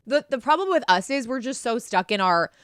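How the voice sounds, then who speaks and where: Smooth-voiced woman co-host, reassuring. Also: fairly high pitch, lively intonation, brisk, a bit bright, no room sound, clean studio sound. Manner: supportive, reassuring. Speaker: podcast co-host. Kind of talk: casual chat. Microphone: video call.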